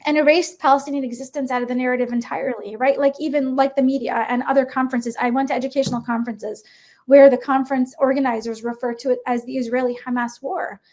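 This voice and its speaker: High-pitched woman, middle-aged, impassioned and emphatic, podcast interview guest. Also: fairly even intonation, fast talker, darkish tone. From United States. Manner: impassioned, emphatic, frequent rhetorical "right?". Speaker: guest educator.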